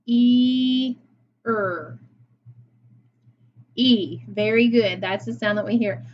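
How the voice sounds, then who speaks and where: A woman's voice: medium pitch, fairly even intonation, moderate pace, dull audio, a little hiss or hum. A woman teacher leading a phonics lesson for young children, patient and praising as she sounds words out.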